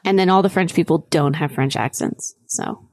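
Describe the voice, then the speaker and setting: Young woman, lowish voice, relaxed anecdotes. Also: moderate pace, no room sound, clean studio sound. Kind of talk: casual chat.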